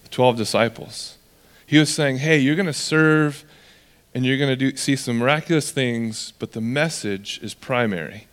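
A man, a pastor preaching a sermon in a relaxed, conversational way, acting out quoted dialogue with casual asides. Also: mid-range voice, moderate pace, smooth.

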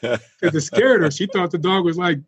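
A man telling animated stories as a podcast guest, laughing often as he goes. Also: sits high, normal speed, slightly rough. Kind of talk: casual storytelling.

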